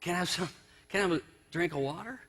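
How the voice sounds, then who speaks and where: A man's voice: high-pitched, fast talker, fairly bright tone, slightly rough, big-room sound. A man playing a hesitant, pleading husband.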